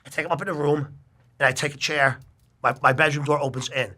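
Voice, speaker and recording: A middle-aged man telling a long personal story in casual chat, animated and full of swearing. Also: a little high, fast talker, a little hiss or hum.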